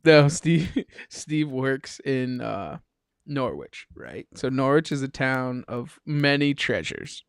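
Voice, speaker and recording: A man hosting a podcast, telling lively, slangy stories in casual chat. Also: medium pitch, takes it slowly, vocal fry, clean tone, dry recording, studio quality. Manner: animated, slangy storyteller. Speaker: podcast host.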